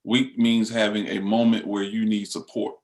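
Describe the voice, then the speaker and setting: Male panelist, lower voice, thoughtful, stop-start delivery. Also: flat delivery. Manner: thoughtful, halting with many fillers. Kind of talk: panel discussion.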